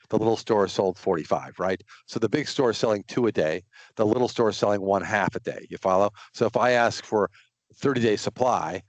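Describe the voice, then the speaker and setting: A middle-aged man leading a casual online training session, talking through number examples in a relaxed way over a video call. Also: fairly low pitch, no echo. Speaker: software trainer.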